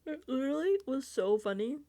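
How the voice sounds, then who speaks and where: A woman's voice: high voice, animated, fairly quick, warm tone, dry recording. A woman giving casual, rambling recap commentary on a reality show, exasperated and swearing freely.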